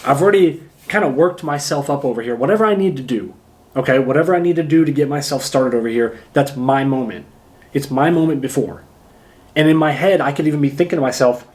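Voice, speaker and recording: Speaking to camera in a casual, energetic way, an acting coach drives his points home with emphasis and physical demonstrations. His voice is a little high for a man, quick, and darkish in tone.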